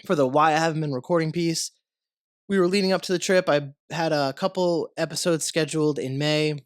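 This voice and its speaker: A man's voice: fairly high pitch, brisk, clear, resonant tone, no room sound, studio quality. A man from the United States hosting his podcast in casual, rambling talk, congested from a cold. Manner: rambling, relaxed, swears casually. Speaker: podcast host.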